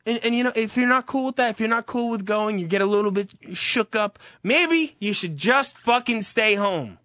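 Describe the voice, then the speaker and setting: A man's voice: high voice, lively intonation, moderate pace, bright, forceful tone, dry recording, studio quality. A man delivering an exasperated, profane comic rant, swearing heavily as he goes.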